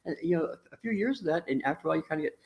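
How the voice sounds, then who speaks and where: A man's voice: on the high side, animated, racing, vocal fry, crowd noise. A man in a casual discussion, explaining ideas bluntly with restarts, mild swearing and acted-out quotes. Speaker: relationship teacher in a conversation.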